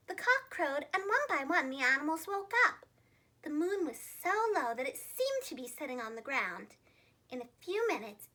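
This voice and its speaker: Bright, expressive woman reading a storybook. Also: high voice. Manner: warm, expressive read-aloud delivery. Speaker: preschool teacher and storyteller. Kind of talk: children's storybook read-aloud.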